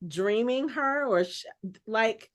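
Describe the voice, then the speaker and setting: A woman's voice: fairly high pitch, expressive, takes it slowly. A woman hosting a podcast in casual chat, rambling and laughing often as she recaps a TV episode. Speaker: podcast host.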